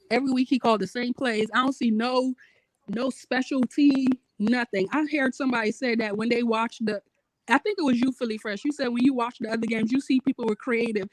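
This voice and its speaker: A woman's voice: on the high side, dry recording, low-quality recording. Exasperated woman venting about football. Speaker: guest fan. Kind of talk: casual sports chat.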